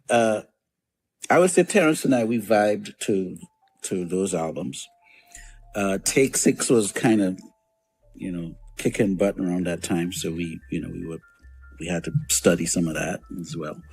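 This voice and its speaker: A man hosts a radio show, casually rambling through his memories with plenty of fillers and restarts. His voice is low-pitched and a little mellow, with a breathy edge.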